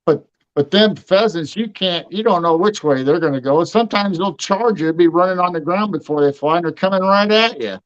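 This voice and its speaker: Folksy man with a smooth voice. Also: high-pitched, fairly quick. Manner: folksy, plain-spoken. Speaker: co-host. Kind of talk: casual chat. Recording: dull lo-fi sound.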